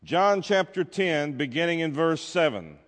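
A man's voice: a little high, sing-song, unhurried. A man preaching a sermon as pastor, emphatic, drawing out his key words. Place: church sanctuary. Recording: long reverb of a church hall.

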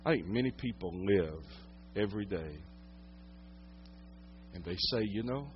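A man's voice: low-pitched, lively intonation, measured pace, a little hiss or hum. Dramatic male preacher, muffled sound. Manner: dramatic swings from hushed to loud storytelling. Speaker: pastor. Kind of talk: sermon.

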